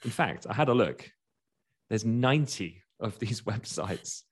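A man hosting a casual market chat, talking quickly and laughing as he goes. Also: fairly low pitch, lively intonation, breathy edge. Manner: chatty, laughs while talking, quick asides. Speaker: market commentator.

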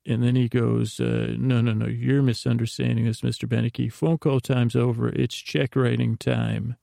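Low-key guy with a dark gravelly voice, meandering bedtime ramble, lots of asides. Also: little pitch movement, normal speed, dry recording, clean studio sound. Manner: meandering, full of restarts and asides. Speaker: podcast host.

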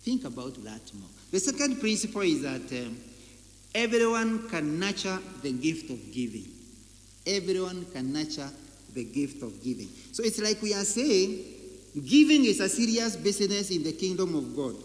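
A man preaches in a high voice, pressing each point with rhetorical questions and repeated phrases. His sermon rings through a roomy church hall with a long, trailing echo. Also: very animated, moderate pace. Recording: echoey hall reverb.

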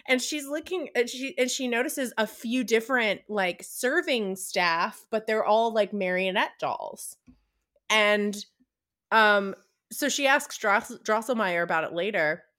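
A woman's voice: fairly high pitch, unhurried, a bit bright. A young woman podcast co-host retelling a book in a chatty, casual way. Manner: chatty, with frequent fillers and laughs.

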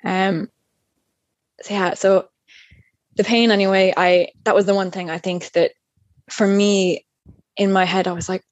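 A woman's voice: mid-range voice, flat delivery, unhurried, long pauses, no room sound, muffled recording. A woman telling her birth story as an interview guest, candid and rambling, with plenty of fillers and laughs. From United States. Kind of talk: casual chat.

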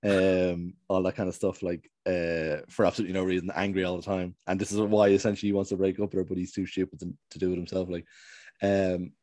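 A man's voice: sits low, little pitch movement, fast talker, mellow, no echo. A man casually recapping a TV show's plot, rambling and hesitant as he tells it. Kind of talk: casual chat recapping a TV show.

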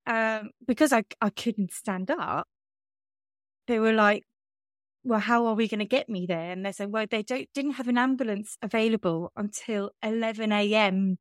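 A woman's voice: medium pitch, measured pace, no echo, clean studio sound. A woman, telling a personal story on a podcast in a candid, self-mocking way. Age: 30s. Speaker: podcast host. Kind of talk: casual chat.

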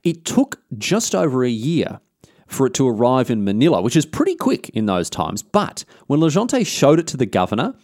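A man's voice: medium pitch, sing-song, moderate pace, darkish tone, dry recording, clean studio sound. An Australian man hosting a podcast, telling history in a casual, slangy, irreverent way. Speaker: podcast host.

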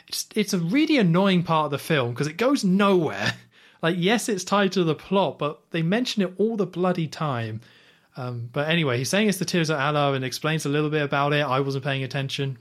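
A lively, fairly quick man with a higher voice recaps a movie scene on a podcast he co-hosts. The tone is chatty, with frequent "like"s and fun asides quoting reactions.

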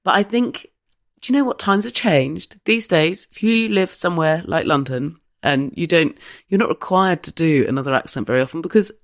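A woman's voice: on the low side, normal speed, no echo, studio quality. A woman co-hosting a comedy podcast in casual chat, wry and understated, recorded remotely. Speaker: comedian co-host.

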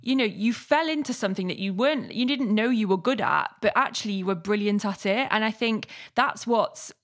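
A woman's voice: mid-range voice, animated, brisk. A woman hosting a podcast, asking questions and enthusiastically reflecting back her guest's story. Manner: enthusiastic, affirming interviewer. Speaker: podcast host. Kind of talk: casual interview.

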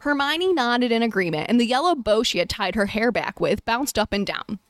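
A young woman hosting a podcast, reading fan fiction aloud deadpan and breaking off for blunt asides. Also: on the high side, moderate pace, dry recording. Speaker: podcast host.

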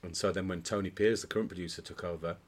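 Low-pitched and steady, a man's voice moves at a fast clip. He's a pantomime dame actor chatting casually as a guest on an indoor podcast, spinning jokey stories while restarting often and bursting into laughter.

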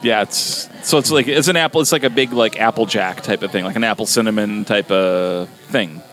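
A man's voice: on the low side, fairly quick, fairly bright tone. A man co-hosting a casual podcast in a bar, goofy and laughing often. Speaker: podcast co-host.

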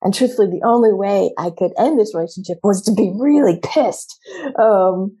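A middle-aged woman giving a candid, animated motivational talk, acting out her own reactions as she coaches women. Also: mid-range voice, normal speed, husky. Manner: candid and expressive, acts out quoted reactions.

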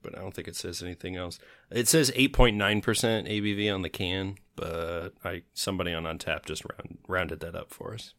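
A man's voice: low voice, fairly even intonation, a little fast, fairly bright tone, no echo. A man co-hosting a casual podcast, joking around and reading out beer details. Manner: joking, reads out beer labels. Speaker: podcast co-host. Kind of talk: casual chat.

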